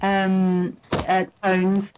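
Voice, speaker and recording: A man's voice: high voice, monotone, noisy background. Co-host, southern English man, easygoing, laughs a lot, stop-start delivery. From England. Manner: laughs often, halting speech. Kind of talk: casual group chat.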